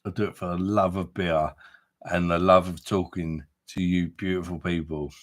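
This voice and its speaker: A man's voice: low voice, flat delivery, normal speed. A man hosting a late-night beer review live stream, chatty and tipsy, full of banter and casual swearing. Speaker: beer review livestream host.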